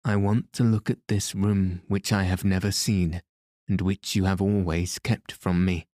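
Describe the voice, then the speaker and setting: A man's voice: deep voice, little pitch movement, measured pace, warm tone, no echo, studio quality. A man reading the lines of a frightened young woman in an audiobook, pleading and anxious. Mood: coaxing.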